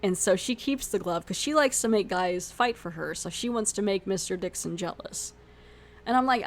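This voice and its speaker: Her medium-pitched voice is brisk and fairly bright. A young adult podcast host, she chattily recaps a TV episode, performing lines as she goes and leaning heavily on fillers like "like" and "you know."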